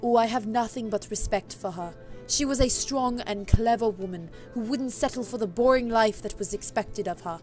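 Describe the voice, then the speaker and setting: A woman voicing a mysterious older witch shopkeeper, pushing her voice deep and trying an accent that keeps slipping, while reading game dialogue aloud. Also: normal speed, faint music behind, close to an everyday voice. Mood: admiring. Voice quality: deepened voice, wobbly attempted accent.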